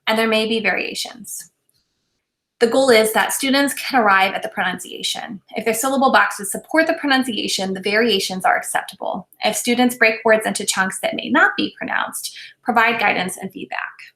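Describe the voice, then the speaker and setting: Bright-voiced woman giving a teacher training. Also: fairly high pitch, roomy sound. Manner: clear, deliberate, instructional. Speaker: literacy presenter. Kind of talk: recorded teacher training lesson.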